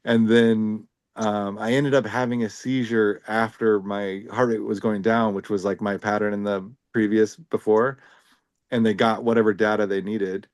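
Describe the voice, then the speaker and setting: A man's voice: fairly low pitch, flat delivery, moderate pace, no room sound, studio quality. A man talking casually on a podcast about living with epilepsy, rambling with lots of filler words and a wry, joking manner. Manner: rambling, heavy use of "like" fillers.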